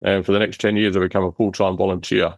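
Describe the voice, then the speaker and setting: A middle-aged Australian man telling his life story in an interview, in a rough, blunt, animated way, acting out the voices of people he quotes. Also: deep voice, fast talker, dry recording, dull audio. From Western Australia. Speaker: interview guest. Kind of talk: casual storytelling.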